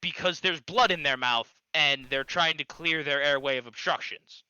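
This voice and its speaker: A man co-hosting a comedy show, quick to object to and correct the other host, heard through a dull lo-fi mic. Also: fairly high pitch, pushed and bright, smooth, no room sound. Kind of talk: comedic commentary.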